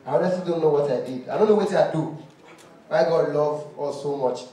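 A male stand-up comedian with a Nigerian accent, mixing pidgin and Yoruba on an awards stage, animated and chanting at times. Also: a little high, brisk. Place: large indoor awards stage. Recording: echoey hall from far off.

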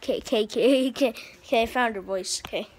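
A woman's voice: fairly high pitch, fast talker, darkish tone. A woman rambling casually to her camera, restarting often and giggling. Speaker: vlogger. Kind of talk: casual home vlog.

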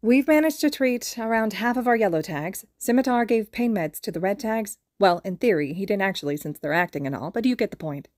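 A woman voicing an excitable young woman medic who talks eagerly in a fan podfic. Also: mid-range voice, fairly quick, few pauses, no echo, studio quality, close to an everyday voice. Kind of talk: podfic character reading.

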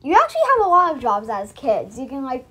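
Chatty high-voiced young woman reacting. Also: very animated, fast talker, bright, forceful tone. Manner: chatty, restarts a lot, mocking. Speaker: reaction video host. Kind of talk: casual reaction commentary.

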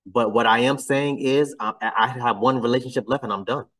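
A man's voice: mid-range voice, steady tone, fairly quick, fairly bright tone, distant mic, low-quality recording. A man hosting a casual reaction commentary, talking bluntly and getting exasperated, his voice climbing when he is incredulous. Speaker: commentary channel host.

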